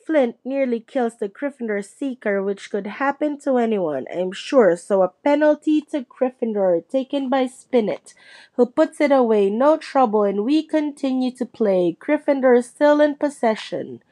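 A woman voicing an excited young male sports commentator in a storybook reading, calling the play in a rapid rush. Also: a little high.

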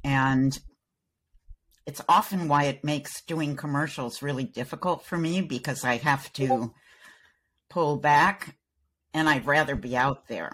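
A woman's voice: deep voice, measured pace, a bit bright. Wry older Welsh-raised woman. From Wales. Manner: wry, dry self-deprecating humor. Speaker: voice actor guest. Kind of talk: casual interview chat.

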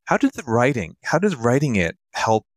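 A man hosting an interview, asking his questions in a halting way as he searches for words. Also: medium pitch, sing-song, no room sound. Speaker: interview host.

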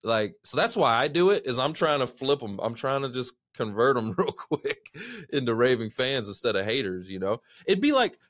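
A man's voice: mid-range voice, big pitch swings, moderate pace, a bit bright, no room sound, studio quality. A man hosting a podcast, chatting casually and telling stories with lots of "man" and "dude" fillers. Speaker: podcast host. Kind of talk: animated casual interview chat.

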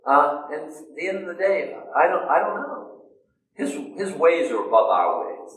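A man's voice: a little high, moderate pace. A man preaching a sermon in a loose, conversational way, asking himself questions and answering them. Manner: conversational, self-questioning, animated. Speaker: pastor. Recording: echoey room, mic at a distance.

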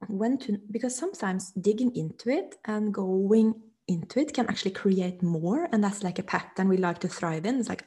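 A woman hosts a podcast conversation and asks long, hesitant questions that wander through many fillers. Her voice is mellow and soft-edged at a middle pitch. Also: brisk, few pauses, husky. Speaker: podcast host.

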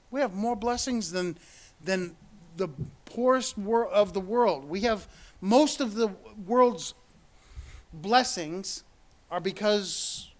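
A man preaching a sermon and reading scripture aloud, earnest, repeating words and rising for emphasis. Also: high-pitched.

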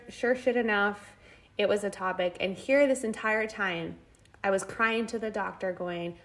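A woman co-hosting a podcast, telling a personal story in casual chat, animated, acting out quotes and laughing as she goes. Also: medium pitch, normal speed. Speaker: podcast co-host.

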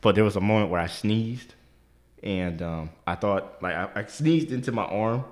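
A man co-hosting a podcast, telling a profane, animated story and leaping into high squeaky voices when he quotes people. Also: normal speed. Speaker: podcast co-host. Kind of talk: casual storytelling chat.

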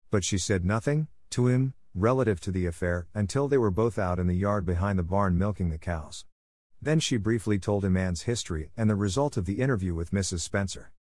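A man reads a classic novel aloud in a measured, even audiobook style. His voice sits on the low side, and the recording is close and dry with no room sound. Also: no room sound. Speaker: narrator. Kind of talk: audiobook narration.

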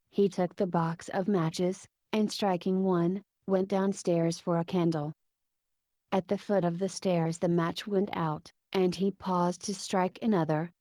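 A woman reading a story aloud in a steady, measured narration. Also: fairly low pitch, no room sound.

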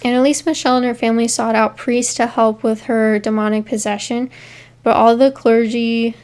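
A woman's voice: on the high side, fairly even intonation, moderate pace, darkish tone. A woman co-hosting a casual podcast, reading case notes with asides and frequent ums. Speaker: podcast co-host. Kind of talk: casual true-crime podcast chat.

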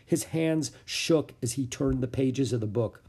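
A man narrating a children's book aloud with clear, expressive storytelling. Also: mid-range voice, measured pace. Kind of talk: audiobook reading of a children's book.

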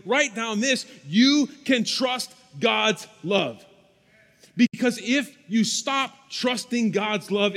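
A man's voice: high voice, fairly bright tone, in a large hall. A man preaching a sermon as pastor, emphatic, repeating key phrases for stress, in a church sanctuary.

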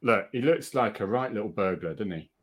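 Bloke co-hosting a live chat, lowish voice, jokey and a bit flustered. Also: male voice, animated, a little fast. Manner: chatty, joking, easily flustered by tech. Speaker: co-host of a live online chat. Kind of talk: casual live-stream chat.

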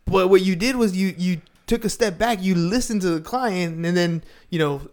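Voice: medium pitch, moderate pace. A person in casual chat who keeps cutting in with short agreeing replies.

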